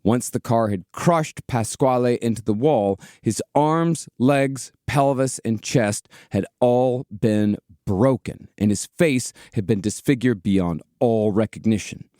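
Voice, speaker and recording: A man hosting a comedic history podcast, telling the story in a steady way with casual swearing. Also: medium pitch, slow, few pauses, no echo, clean studio sound. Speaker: podcast host, narrator.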